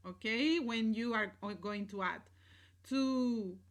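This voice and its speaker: A woman's voice: fairly high pitch, slow pace. A woman teaching a recorded grammar lesson, explaining step by step and often checking in with "right?" and "¿sí?", moving between English and Spanish examples.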